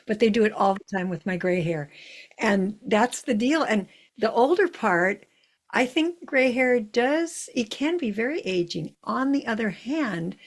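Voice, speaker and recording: A woman's voice: a little high, expressive, unhurried. An older woman hosting a casual interview show, upbeat and encouraging toward her guest. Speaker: podcast host.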